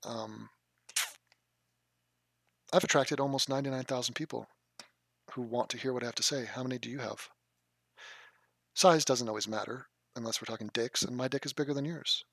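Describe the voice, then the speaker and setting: A man's voice: mid-range voice, fairly even intonation, normal speed, creaky, pauses often, fairly bright tone, dry recording, clean studio sound. A man casually reading and answering a live chat, crude and mocking, swearing freely.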